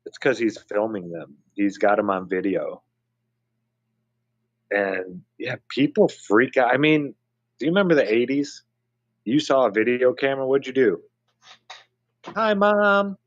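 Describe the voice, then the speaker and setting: A man co-hosting a podcast in casual chat, telling stories with animated, lively delivery. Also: normal speed, long pauses, no echo, lo-fi sound. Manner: animated storyteller, mimics people in high voices. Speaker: podcast co-host.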